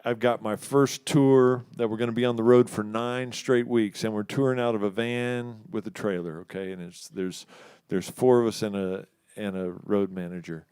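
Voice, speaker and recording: Houston guitar man, casual raconteur, smooth dry voice, mid pitch. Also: moderate pace, hardly any pauses, dry recording. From Houston, Texas. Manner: animated, acts out quoted voices, laughs often. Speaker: musician telling a story. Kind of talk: casual storytelling. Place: live studio show.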